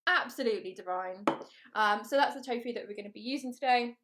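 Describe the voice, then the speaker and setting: Casting: a woman, fairly high voice, hosting a live cook-along, chatty and upbeat. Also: quick pace, background noise. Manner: chatty, upbeat, reads out viewer comments. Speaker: cooking show host.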